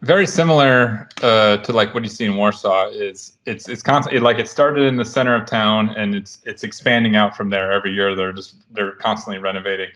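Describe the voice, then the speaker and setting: A man in his thirties hosting a casual podcast chat, relaxed and rambling with frequent restarts. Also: fairly low pitch, brisk, hardly any pauses. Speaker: podcast host.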